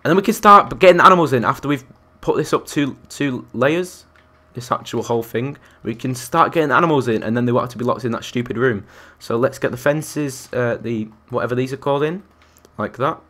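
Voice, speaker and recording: A man's voice: mid-range voice, brisk, hardly any pauses, bright, forceful tone. A young man chatting through a live game stream, counting aloud and reacting to viewers and other players. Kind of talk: live gameplay commentary.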